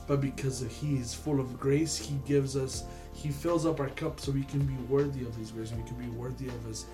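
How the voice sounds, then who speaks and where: A young man leading an informal youth Bible study, earnest and animated, often restarting his sentences. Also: medium pitch, brisk, music in the background. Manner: earnest, animated, laughs when excited, many restarts. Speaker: youth group leader.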